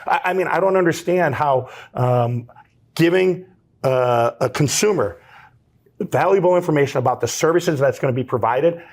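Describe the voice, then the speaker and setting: Earnest, measured male interview guest. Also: fairly high pitch. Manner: measured, earnest, hesitant with restarts. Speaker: trade association president, guest. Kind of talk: interview conversation.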